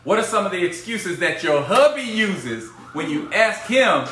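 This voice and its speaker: Animated, playful male coach in an echoey room. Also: high voice, moderate pace, a little hiss or hum. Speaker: business coach. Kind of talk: casual live-stream chat. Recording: echoey room with faint ambience.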